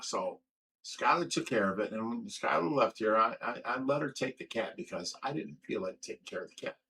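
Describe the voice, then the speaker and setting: A man's voice: mid-range voice, animated, a little fast, vocal fry, bright, forceful tone, a little hiss or hum, low-quality recording. A middle-aged man hosting a livestream, reading viewer comments aloud and going on an aggrieved, profane rant, often stumbling and repeating words. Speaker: livestream host.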